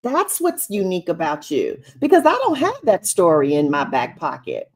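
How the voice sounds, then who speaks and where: A woman co-hosting a casual livestream chat over a video call, chatty and animated. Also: lowish voice, normal speed. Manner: animated, chatty, laughs often. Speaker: co-host and co-author.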